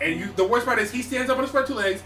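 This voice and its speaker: A man's voice: very high-pitched, rapid-fire, bright, forceful tone. A young man casually telling a story to friends on a podcast, swearing and acting out his own panic. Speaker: podcast co-host. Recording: echoey room, distant mic, faint noise.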